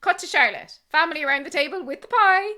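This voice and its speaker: A woman with a high, bright, forceful voice hosts a chatty podcast. She recaps scenes animatedly, mimics the characters and swears freely. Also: animated, fast talker. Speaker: podcast host. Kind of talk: casual chat.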